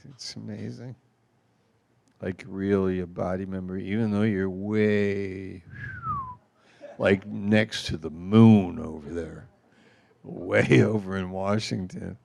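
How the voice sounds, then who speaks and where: A man's voice: low-pitched, vocal fry, darkish tone, no echo. A man speaking as a pastor in an informal church talk, rambling and emotional, laughing through his stories.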